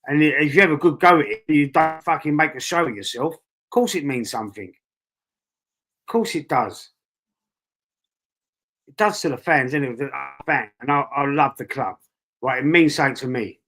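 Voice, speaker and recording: A man's voice: on the high side, moderate pace, long pauses, a bit bright. A Cockney man hosting a fan chat stream, talking bluntly, swearing and repeating himself as he argues his points. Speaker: football fan channel host. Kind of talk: casual live-stream chat.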